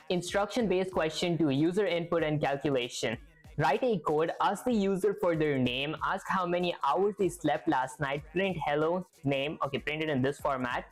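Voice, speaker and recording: A woman's voice: sits low, normal speed, soft background music. A woman hosting a casual live stream while she codes, chatty and giggly, thinking aloud and answering viewer comments. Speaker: live-stream host learning to code.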